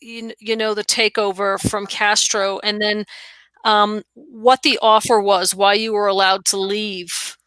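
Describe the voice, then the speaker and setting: A woman's voice: mid-range voice, little pitch movement, a little slow, fairly bright tone, clear, resonant tone, no echo. A woman hosting an interview, curious and asking long, loose questions. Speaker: show host.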